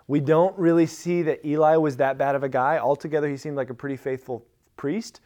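A man's voice: mid-range voice, a little mellow. A man preaching a sermon as a pastor, in a casual, conversational manner with frequent fillers and restarts.

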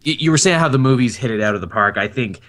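A man's voice: mid-range voice, expressive, fast, fairly bright tone. A man co-hosting a casual chat about comics and movies over a remote call, an enthusiastic storyteller. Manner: enthusiastic storyteller, acts out quoted lines. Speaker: podcast co-host.

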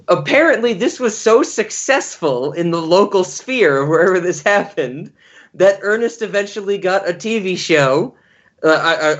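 A man's voice: on the high side, muffled recording. A man co-hosting a podcast, giving long-winded, rambling explanations in casual chat. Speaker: podcast co-host.

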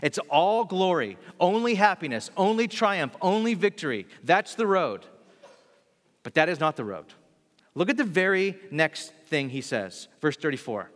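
Casual male preacher, animated and slangy, slightly high voice; long hall reverb. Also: measured pace. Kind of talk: sermon.

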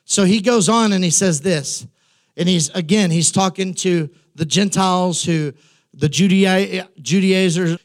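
A man pastor preaching a sermon in an animated way, with humorous asides and passages that build to shouting. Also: sits high, unhurried.

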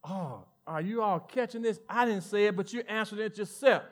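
Man, Southern American accent, pastor, animated sermon, loud then hushed, high voice. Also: moderate pace.

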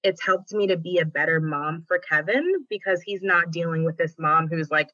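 A woman guest with a bright, forceful voice tells her story with dramatic flair. The sound is dry and close, but a little dull and lo-fi. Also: on the low side, normal speed, no echo. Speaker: podcast guest. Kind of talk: casual faith conversation.

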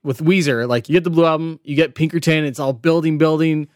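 A man's voice: on the high side, steady tone, fast talker, no echo, clean studio sound. A man co-hosting a podcast, chatting casually about an album and peppering his talk with "like.". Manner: chatty, lots of "like" fillers. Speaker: podcast co-host.

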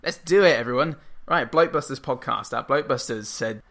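A man's voice: mid-range voice, brisk, vocal fry, fairly bright tone. Easygoing man on a film podcast. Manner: easygoing, chuckles often, reads out listener comments. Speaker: podcast co-host. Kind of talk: casual film review chat.

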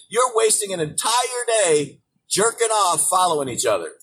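A man hosting his own show, delivering an angry, profane political rant with frequent swearing and sudden shouted bursts. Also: sits high, sing-song, moderate pace. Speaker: show host. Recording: distant mic with faint background noise.

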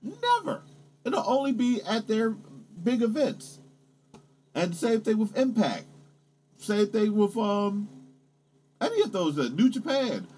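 A man chatting casually about wrestling, excitable and swearing, his voice jumping up when he gets hyped. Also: high-pitched, takes it slowly, long pauses.

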